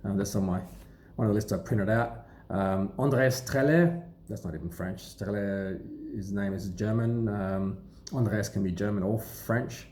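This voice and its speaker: A man with a somewhat low voice talks casually to camera, wandering through his points with plenty of ums and restarts. He sounds like a seasoned watch dealer sharing know-how. The room around him is noticeably echoey. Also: moderate pace, slight background noise. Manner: relaxed, rambling, lots of ums and restarts. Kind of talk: casual explanatory talk to camera. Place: sunlit indoor room.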